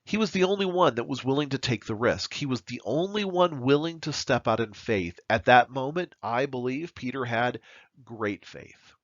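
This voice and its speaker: A man's voice: mid-range voice, lively intonation, no echo. Male pastor, emphatic sermon voice, dry close recording, slightly muffled. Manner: earnest, emphatic preaching with dramatic pauses.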